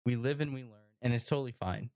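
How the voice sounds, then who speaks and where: A man's voice: medium pitch, quick pace. Chatty male podcast host, full of "right?". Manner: animated, chatty, with many fillers and tag questions. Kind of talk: casual chat.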